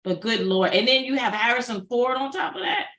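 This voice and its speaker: A middle-aged woman co-hosting a casual chat review, chatty and exclaiming with quick asides. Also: on the high side, a bit bright, echoey room. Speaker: co-host.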